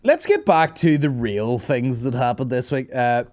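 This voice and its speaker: A man's voice: medium pitch, expressive, measured pace, darkish tone, no room sound. Male podcast host, sweary banter, dry close sound. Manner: sweary, laughing, mimicking others. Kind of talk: casual comedy chat.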